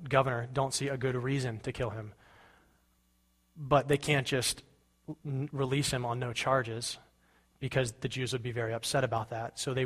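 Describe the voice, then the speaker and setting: A man preaching in a large hall, moving between reading and casual explanatory asides to his listeners. His voice sits at a middle pitch, and a long reverb trails each phrase. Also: fairly bright tone. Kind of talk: sermon reading and commentary.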